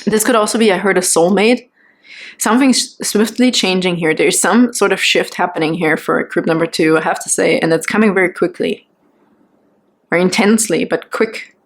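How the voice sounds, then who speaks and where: A woman giving a pick-a-card tarot reading, talking gently and reassuringly as she muses on each card and keeps checking in with "okay?" and "right?". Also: fairly low pitch, normal speed. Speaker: tarot reader.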